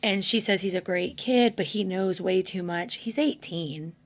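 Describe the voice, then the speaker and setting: A woman's voice: mid-range voice, a little slow. A woman in her forties speaks straight to the camera in a personal vlog. She pours out a painful story, acting out the people she quotes. Her voice stays emotional and close to tears throughout. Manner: emotional, venting, quoting others in dialogue. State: tearful. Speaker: vlogger.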